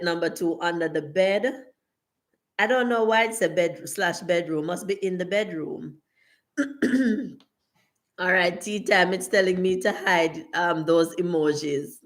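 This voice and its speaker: Woman, live-stream game host, playful and laughing, slow unhurried delivery. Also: lowish voice. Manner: laughs often, playful, switches into Patois. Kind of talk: casual live-stream chat, reading viewer comments aloud.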